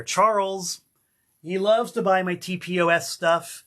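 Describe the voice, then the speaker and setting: A middle-aged man who runs a record label, showing off records he found with excited exclamations and sung snippets. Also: high voice, a little slow. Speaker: record label owner and vlogger. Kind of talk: enthusiastic record collection show-and-tell.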